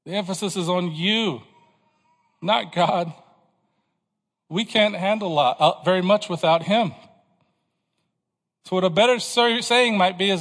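A man's voice: sits high, measured pace, pauses often, fairly bright tone, long reverb tail. A man preaching a sermon to his congregation, asking questions and pressing his points with emphasis. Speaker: pastor.

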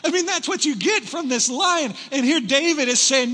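A man preaching a sermon in a church, animated and joking with the congregation as he goes. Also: very high voice, normal speed, hardly any pauses, in a large hall. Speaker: pastor. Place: church hall.

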